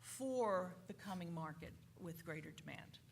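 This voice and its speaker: A woman speaking on a conference panel, halting and often restarting her sentences. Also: lowish voice, expressive, gravelly. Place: conference hall. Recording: conference hall reverb, faint noise.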